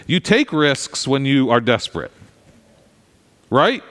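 A male pastor with a medium-pitched voice delivers a sermon in an animated, conversational style, often turning aside to address the congregation. He speaks slowly and leaves long pauses, and the recording carries a long hall reverb.

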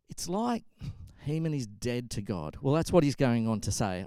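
A man's voice: mid-range voice, big pitch swings, moderate pace, mellow, clean tone, no echo. A man preaching a sermon, telling a story and pressing his point with emphatic repetition. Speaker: pastor.

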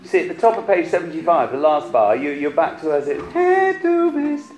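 A man's voice: fairly high pitch, animated, fast talker, darkish tone. A man leading a choir rehearsal, encouraging the singers with hesitant restarts and short sung snippets. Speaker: choir conductor. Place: rehearsal hall. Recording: echoey hall with choral music. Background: choir singing.

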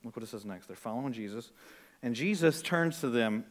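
A male pastor from the northern US preaching a sermon, moving from quiet explanation to loud, urgent exhortation. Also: mid-range voice, lively intonation, brisk, in a large hall.

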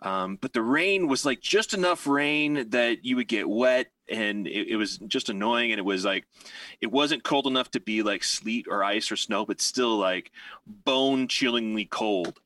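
A man telling a long anecdote in casual podcast chat, rambling and animated with many fillers and restarts. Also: medium pitch, a little slow, no room sound, far from the mic.

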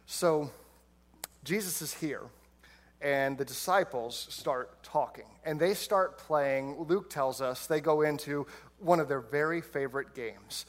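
A man preaching a sermon, telling the story with humor and playful put-on voices for the characters. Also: on the high side. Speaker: pastor.

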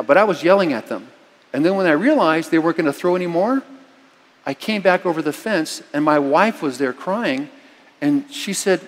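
A middle-aged man preaching a sermon, telling a personal story with sudden loud, emphatic lines. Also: on the high side, expressive, normal speed. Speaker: pastor. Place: church. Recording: long reverb of a church hall.

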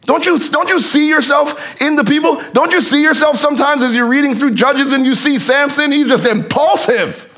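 Guy preaching a sermon, real high voice, fired up, asks the crowd question after question, gets loud then drops quiet. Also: moderate pace, hardly any pauses. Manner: fervent, rhetorical questions, swings from hushed to shouting.

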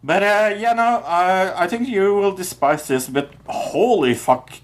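A man co-hosting a movie review podcast, talking casually and haltingly with many fillers. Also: high voice. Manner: halting, many "uh"s, enthusiastic about favorites. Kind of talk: casual chat.

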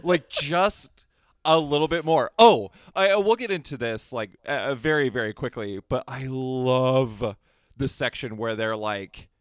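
A man co-hosting a casual podcast, animated and wry, often laughing through his asides. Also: medium pitch, slow, dry recording, clean studio sound. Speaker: podcast co-host. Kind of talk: casual chat.

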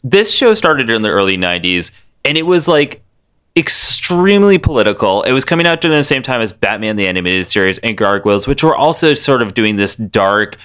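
A man in a loose podcast chat about a cartoon, lively and animated, his pitch jumping around as he makes his case. His voice is bright and clear, with a forward, sharp edge. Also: fairly quick. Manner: animated, jumps into high excited bursts when making a point. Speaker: podcast co-host.

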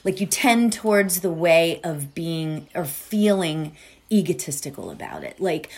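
A middle-aged woman on a podcast talks at a measured pace, her low-leaning voice very animated. Warm and chatty with many fillers and asides, she eventually leads a meditation.

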